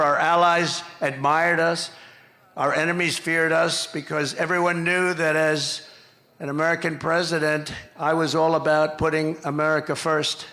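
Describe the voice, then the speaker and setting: Older man shouting a rally speech, echoey. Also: on the high side. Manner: boastful, repetitive, shouting out punchlines. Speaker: political candidate at a rally. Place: outdoor rally stage.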